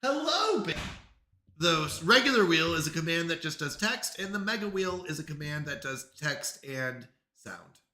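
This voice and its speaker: A man's voice: on the high side, sing-song, moderate pace, pushed and bright, roomy sound. A man live-streaming in casual chat, flustered and apologetic as he talks himself through technical trouble.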